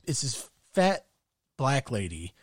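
A man in casual chat, telling crude stories with glee and dropping his voice low for the punchlines. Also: big pitch swings, slow, breathy edge, no room sound, clean studio sound. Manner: crude, gleeful storytelling, drops voice low for punchlines.

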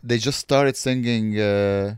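A man co-hosting a podcast in casual chat, telling stories in an animated, joking way. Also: on the low side, slow pace, clean tone, no echo, studio quality. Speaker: podcast co-host.

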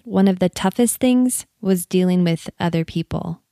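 Gravelly low-voiced woman narrating. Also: moderate pace, warm tone, no room sound, studio quality. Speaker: documentary narrator. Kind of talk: scripted narration.

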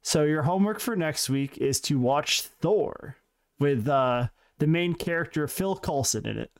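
A man's voice: on the high side, animated, measured pace. Teasing man quizzing like a teacher. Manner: teasing, mock-teacher tone, laughs often. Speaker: podcast co-host running a quiz. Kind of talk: casual chat.

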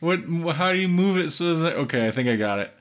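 A man's voice: on the high side, expressive, fast. A young man co-hosting a podcast, rambling and joking with plenty of swearing, sharing one microphone with his co-host. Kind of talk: casual podcast banter. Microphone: one shared microphone. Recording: dull lo-fi sound.

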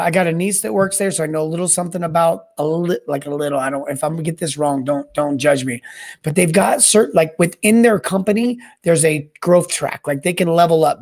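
A man hosting a solo podcast on plumbing service and sales, talking in a rambling, energetic way that often repeats and restarts words. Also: on the high side, gravelly. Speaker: podcast host.

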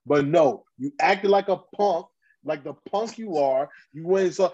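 A podcast host with a fairly high, husky, mellow voice chats casually at a moderate pace with lively intonation. He rants heatedly and bluntly in street slang, often restarting sentences, on a dull, lo-fi recording.

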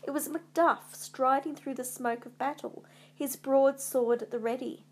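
A woman narrates a classic tale slowly and deliberately, taking her time over each sentence. Her voice sits a little high for a woman. She reads in a calm, measured storybook manner. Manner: measured, unhurried storybook reading.

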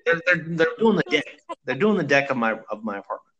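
A man's voice: a little high, big pitch swings, fast talker, a bit bright, lo-fi sound. A man in casual chat, rambling through an anecdote with many restarts.

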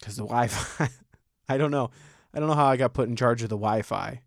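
A man's voice: medium pitch, brisk, gravelly, no echo, studio quality. A man in his thirties doing a stand-up comedy set, rambling and self-deprecating in a conversational way.

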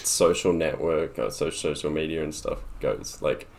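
A young man joining a casual podcast chat, wry and animated. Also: rumbling low, moderate pace, creaky.

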